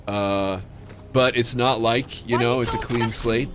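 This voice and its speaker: A man hosting a livestream tells a meandering story at a middle pitch. His delivery is loose and profane and full of fillers and false starts. Faint music plays underneath. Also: steady tone, slow. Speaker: livestream gamer host. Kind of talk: casual rambling storytelling.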